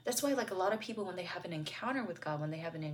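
A woman giving an earnest, reflective Bible commentary, speaking softly and sometimes slipping into a whisper. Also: lowish voice, expressive, rapid-fire, a little hiss or hum. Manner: soft-spoken, earnest, heavy use of "like" and "you know"; drops into a whisper at times. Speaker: devotional video host.

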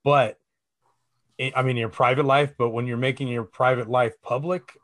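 A man's voice: medium pitch, steady tone, moderate pace, fairly bright tone. A young man co-hosting a casual podcast chat, telling long rambling stories with lots of fillers and casual swearing. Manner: rambling storyteller, swears freely, many fillers. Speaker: podcast co-host.

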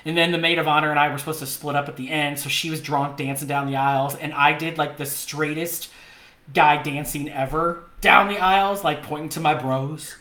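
A man co-hosting a podcast, telling a story in a casual, animated way, laughing often and mimicking the people in it. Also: on the high side, a little fast. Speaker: podcast co-host. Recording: roomy echo.

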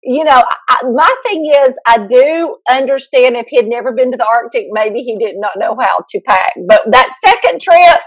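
A woman's voice: on the high side, animated, normal speed, hardly any pauses, no room sound, low-quality recording. A woman co-hosting a podcast as a school counselor, chatting casually, laughing and rambling with restarts.

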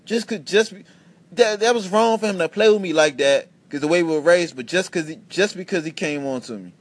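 A young man in his twenties talks alone into the mic as host of his own podcast, rambling through stories. His voice sits a little high for a man. He swears freely and keeps breaking off and restarting his sentences. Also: a little fast. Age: 20s. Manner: animated, profane storytelling with many restarts. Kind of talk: casual solo podcast rant.

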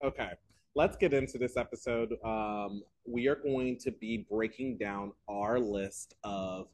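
Man, husky voice, casual podcast chat, laughs a lot, rambling stories. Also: lowish voice, measured pace. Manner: animated storytelling, laughs often, loses his train of thought. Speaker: podcast co-host.

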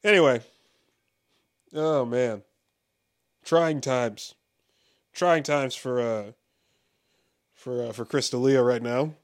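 A man's voice: medium pitch, takes it slowly, long pauses. A man hosting a casual comedic monologue, swearing constantly, rambling and breaking into laughter. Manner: profane, rambling, laughs often.

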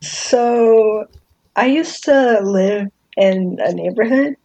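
A woman's voice: mid-range voice, slow, dark tone, a little hiss or hum, rough recording. A young woman casually chatting and telling a story to friends in a laid-back, giggly way. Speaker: friend in group chat.

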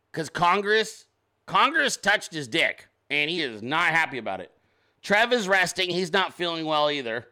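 Male host: bright, tense-edged voice, casual joking rambler who swears freely. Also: fairly high pitch. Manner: reads sponsor ads informally. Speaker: show host. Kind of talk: casual live-stream commentary.

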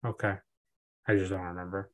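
A man co-hosting a podcast, recapping a TV episode in casual chat and acting out scenes in a jokey, animated way. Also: deep voice, a little fast. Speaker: podcast co-host.

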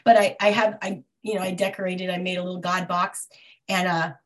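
Woman sharing haltingly at a recovery meeting. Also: fairly low pitch, level tone. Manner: halting, searching for words, frequent restarts.

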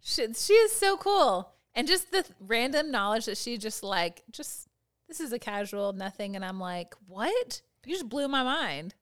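A woman's voice: on the high side, animated, moderate pace, clean tone. A middle-aged woman co-hosting a podcast, chatting in a bubbly, gushing, self-deprecating way. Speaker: podcast co-host. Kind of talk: casual podcast chat.

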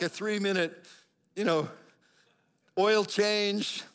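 A middle-aged man preaching, a pastor telling a lively personal story in sermon style. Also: moderate pace. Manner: animated storyteller, acts out quotes with big pitch jumps.

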